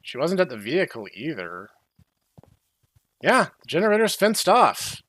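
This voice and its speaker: A young man doing sarcastic, deadpan commentary while playing a horror game. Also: on the high side, normal speed, no echo. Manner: deadpan, dry sarcastic asides. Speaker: game streamer. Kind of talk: sarcastic let's-play commentary.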